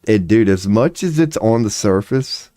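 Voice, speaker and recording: A man's voice: lowish voice, expressive, a little slow, mellow, no room sound, studio quality. A man giving a casual, profane, sarcastic rant, with short laughs between his points. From United States. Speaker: commentary vlogger. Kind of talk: casual ranting commentary.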